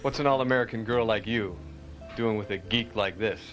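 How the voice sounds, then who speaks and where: An actor playing a smug man chatting up a woman, in a smooth, cocky manner. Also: fairly low pitch, fairly quick, a bit bright, highs cut off, soft background music, natural voice.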